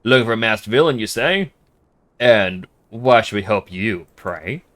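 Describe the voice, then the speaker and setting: A man's voice: fairly low pitch, lively intonation, unhurried, fairly bright tone, no echo. A man with an Australian accent voicing a curt, unwelcoming male settlement leader from game dialogue. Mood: hostile. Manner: curt, hostile, commanding.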